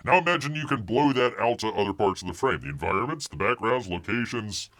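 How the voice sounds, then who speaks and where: A man's voice: fairly low pitch, expressive, fairly quick, fairly bright tone. A man hosting a live stream, chatting casually, reading viewer comments aloud and rambling with repeated phrases. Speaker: live show host.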